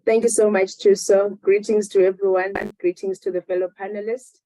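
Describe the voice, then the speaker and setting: A woman, a physics professor, greets a panel over a video call in a warm, devout manner. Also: medium pitch, flat delivery, brisk, dry recording, poor audio.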